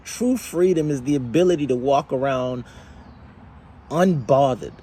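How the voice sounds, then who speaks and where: A man delivering an impassioned, angry monologue as a vlogger, swearing often and speaking in slow, deliberate phrases. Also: medium pitch, dark tone, slight background noise.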